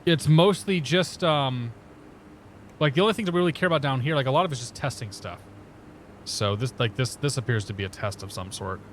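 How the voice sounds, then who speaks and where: A man's voice: mid-range voice, a little fast, a little hiss or hum. Chatty man streaming a flight sim. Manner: chatty, laughing, self-joking. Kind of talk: casual live-stream chat.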